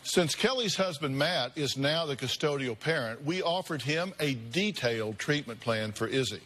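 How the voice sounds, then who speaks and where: A man hosting a talk show, speaking in a measured, direct way. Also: a little high, animated, a bit bright, a little hiss or hum. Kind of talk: talk show narration and address.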